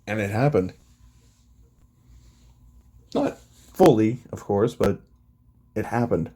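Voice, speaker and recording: A man's voice: on the low side, expressive, slow, warm tone. A man voicing an eager, boyish young male demigod in a spoken fan story.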